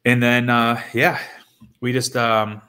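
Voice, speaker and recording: A man in his thirties who used to play pro hockey tells stories casually during an interview, rambling with lots of fillers and restarts. His voice is mid-range and smooth, with a flat, slow delivery and a sharp tone.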